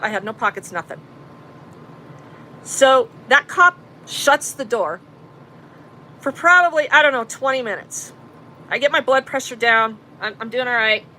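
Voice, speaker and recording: A woman's voice: a little high, sharp tone, a little hiss or hum, low-quality recording. A woman telling a story in casual talk to her live chat, blunt and profane. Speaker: vlogger recounting an arrest.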